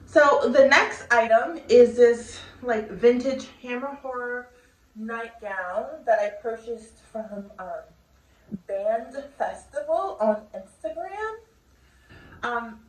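A woman's voice: fairly high pitch, animated, slow. A young woman chatting casually through a clothing try-on haul at home, bubbly and full of filler words. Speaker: fashion vlogger. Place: home room. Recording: echoey room audio, distant mic.

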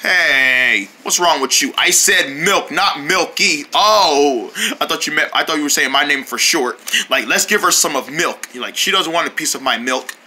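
A performer voicing a slow, mumbling, muddled goofy friend in a lower voice. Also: lively intonation, pushed and bright, slightly rough, heavily acted.

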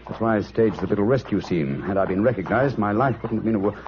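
Holmes, deep fast detective, lively voice, dull old radio hiss. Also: male voice. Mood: confident. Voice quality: crisp, confident, explaining. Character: Sherlock Holmes, brisk brilliant detective. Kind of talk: 1940s radio acting.

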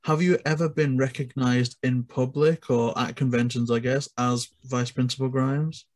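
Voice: mid-range voice, steady tone, moderate pace, a little mellow. An interviewer asking a casual, slightly hesitant question.

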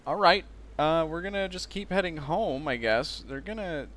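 A man's voice: a little high, expressive, normal speed, a bit bright. A young man casually commenting on a submarine game, joking and rambling with self-mocking asides. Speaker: let's play host.

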